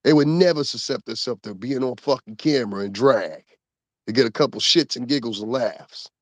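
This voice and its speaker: A man's voice: mid-range voice, normal speed, no room sound. A man giving a heated, profane, casual commentary rant with laughing asides. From Connecticut, USA. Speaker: commentary host.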